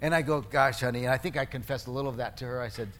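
Talking very fast at medium pitch, a middle-aged male pastor preaches with a slightly bright tone over slight background noise. His style is conversational and anecdotal, with self-deprecating jokes and frequent restarts and corrections mid-phrase.

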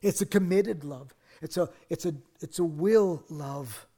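A male pastor preaching a sermon, dropping to hushed whispers and then rising to loud, emphatic declarations, and asking the congregation to say lines with him. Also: a little high, unhurried. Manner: invites the congregation to speak along.

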